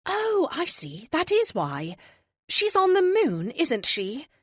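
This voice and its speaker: A woman's voice: on the high side, huge pitch swings, takes it slowly, no room sound, clean studio sound, voice pushed up, full character voice. A woman voicing a sing-song serene oracle. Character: calm prophetic female oracle, sing-song and gentle. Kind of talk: audiobook character voice.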